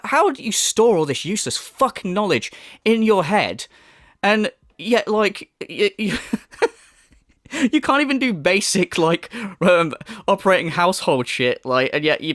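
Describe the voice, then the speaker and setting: A man's voice: high-pitched, sing-song, normal speed, a bit bright, no room sound, clean studio sound. A man giving sweary, sarcastic commentary as a YouTuber and often laughing at the person he is discussing. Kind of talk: ranting commentary.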